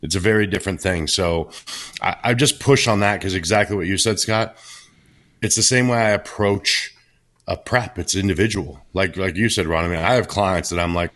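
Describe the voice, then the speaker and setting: Deep-voiced blunt coach chatting. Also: male voice, a little fast, fairly bright tone. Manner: laid-back, blunt, swears casually. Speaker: coach and podcast co-host. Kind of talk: casual podcast chat.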